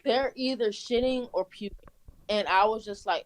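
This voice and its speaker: Animated, swearing young woman storyteller. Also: on the high side, normal speed. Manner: animated, profane, laughs while telling stories. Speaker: guest. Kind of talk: casual storytelling.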